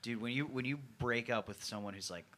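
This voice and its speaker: A man co-hosting a podcast, trading loud, excitable banter. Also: medium pitch, brisk. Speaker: podcast co-host. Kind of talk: crude casual banter.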